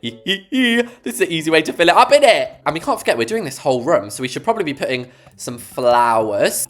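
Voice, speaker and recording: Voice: medium pitch, fairly bright tone. A YouTuber with an English accent, chatting through a casual gameplay voice-over with playful asides. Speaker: YouTuber building in a game.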